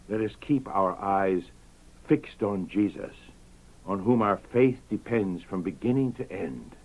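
A man preaching a sermon in a solemn, measured way that rises to ringing emphasis. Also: on the low side, low-quality recording. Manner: slow, solemn, rising to declamatory emphasis.

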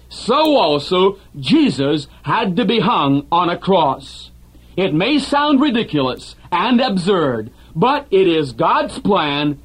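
High-voiced man preaching earnestly. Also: poor audio. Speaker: radio preacher. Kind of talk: scripted radio sermon.

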